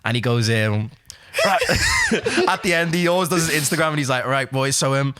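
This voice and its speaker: Give me a young man, animated and laughing, on a dry close mic. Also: a little high, a little fast, dry recording. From Liverpool, England. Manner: animated, laughs often while telling a story. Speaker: podcast co-host. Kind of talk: casual chat, storytelling.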